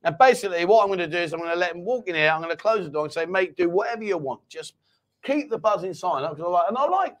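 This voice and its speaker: A man's voice: high-pitched, sing-song, fast, fairly bright tone. A man hosting a casual live-stream chat show from a small home studio, jokey and rambling as he reads out viewer comments. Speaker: host.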